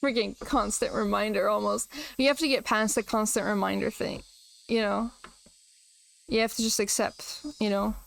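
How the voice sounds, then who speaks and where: A woman's voice: medium pitch, fairly even intonation, moderate pace, gravelly, a bit bright. A young woman streamer chatting casually and emotionally while reading a visual novel aloud, rambling with lots of "like".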